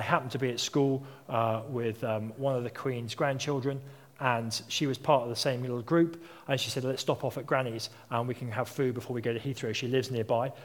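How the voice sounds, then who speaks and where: Man, preacher, conversational sermon, rhetorical questions, long hall echo. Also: mid-range voice.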